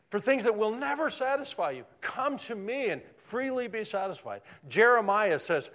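A man preaching a sermon, swinging from loud emphatic lines down to hushed, almost whispered ones. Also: high voice, lively intonation, normal speed.

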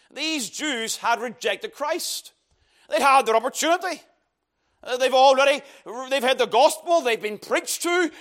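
A man's voice: very high-pitched, a bit bright. A man preaching an expository sermon, emphatic and asking rhetorical questions.

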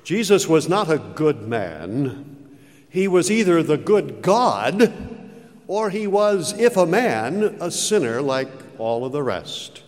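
Slow, emphatic preacher man in a reverberant hall. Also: sing-song, a little mellow. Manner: slow, emphatic preaching with dramatic pitch swings. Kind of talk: sermon.

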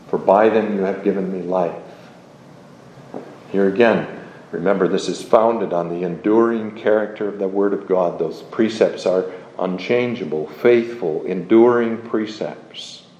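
A man preaching a sermon in a slow, measured, emphatic way, explaining a psalm verse by verse. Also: deep voice, warm tone, a little hiss or hum. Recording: muffled, roomy recording.

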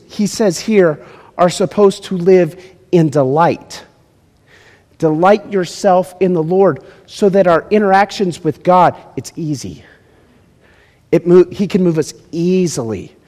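A man preaching a sermon as pastor, animated, acting out little scenes and speaking straight to his congregation. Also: fairly high pitch, measured pace. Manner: animated, acts out quotes, addresses congregation directly. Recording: reverberant hall.

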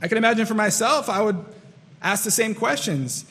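Male pastor, high-pitched, earnest sermon delivery with long hall reverb. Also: lively intonation, normal speed, fairly bright tone, slightly rough. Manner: earnest, repetitive, acts out quoted voices.

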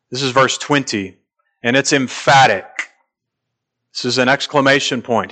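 Guy preaching a sermon, bright punchy voice, leans hard on the big points. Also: medium pitch. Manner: emphatic, slows down to stress key phrases. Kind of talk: expository sermon.

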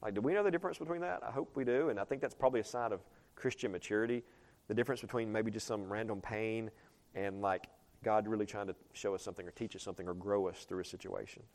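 A pastor preaches a sermon in a low, slightly mellow voice, talking fast. He keeps it conversational, poses questions to the congregation, and reads scripture aloud in older English.

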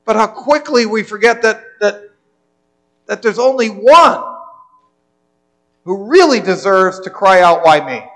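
Male pastor with a high voice, earnest sermon delivery. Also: lively intonation, unhurried, long pauses, fairly bright tone, low-quality recording. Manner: earnest preaching, repeats words when restarting.

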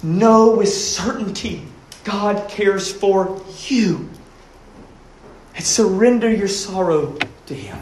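Pastor, male, high voice, slow and deliberate, earnest pleading sermon, reverberant sanctuary sound. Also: expressive, darkish tone, slight background noise. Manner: earnest, pleading preaching with rhetorical questions.

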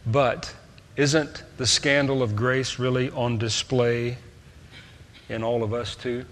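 A male preacher delivers a sermon in a middle-pitched voice. His delivery is emphatic, rising to loud, stressed points and then dropping to quiet asides. A long reverb hangs behind him, as in a large church hall. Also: little pitch movement, slow.

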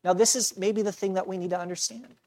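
A man's voice: sits high, fairly even intonation, fast, darkish tone. Man pastor, casual conversational sermon delivery with self-deprecating humor. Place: church.

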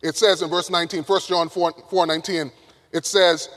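A man preaching a sermon to college students, emphatic, swinging from loud to hushed. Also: on the high side, little pitch movement, normal speed. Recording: reverberant hall.

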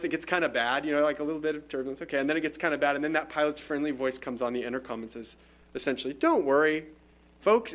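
A man's voice: fairly high pitch, a bit bright. A pastor with a slightly raised voice preaches a verse-by-verse sermon. He talks conversationally, explaining as he goes and often restarting a phrase mid-thought. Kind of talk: expository sermon.

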